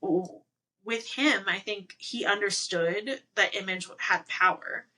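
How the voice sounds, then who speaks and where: Bright-voiced woman telling stories animatedly. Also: medium pitch, takes it slowly. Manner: animated storytelling, many "like" fillers, laughs often. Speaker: interview guest. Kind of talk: casual podcast interview.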